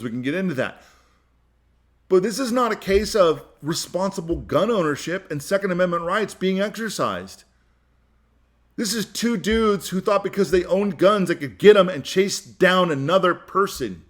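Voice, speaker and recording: A man's voice: high-pitched, a bit bright. A man hosting a podcast, giving a heated, emphatic opinion monologue in which he often repeats himself and restarts. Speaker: podcast host.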